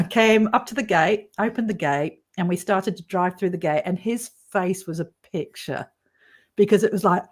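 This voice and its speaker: A woman's voice: medium pitch, normal speed, breathy edge. A woman hosting a paranormal channel's livestream, chatting casually, often laughing and telling stories with animation.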